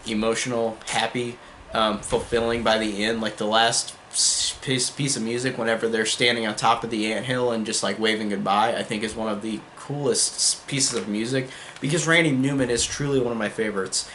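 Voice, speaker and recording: A man's voice: mid-range voice, fairly bright tone, a little hiss or hum. A man giving an enthusiastic, rambling movie review in a casual way. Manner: enthusiastic, rambling, heavy use of "like".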